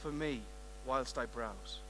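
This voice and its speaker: A man putting on the voice of a suave, weary male film star, speaking low and hushed in a languid way. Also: slow pace, noisy background, close to an everyday voice. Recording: reverberant conference hall.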